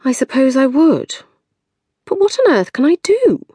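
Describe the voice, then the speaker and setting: This is a petulant, dreamy young woman, voiced by a woman narrator, whose voice jumps up high and whines. She drifts through sentences in a sing-song way, always wanting something. The sound is close and dry. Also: very animated, moderate pace, warm tone, no echo. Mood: gloomy. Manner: whiny, sing-song and swooping.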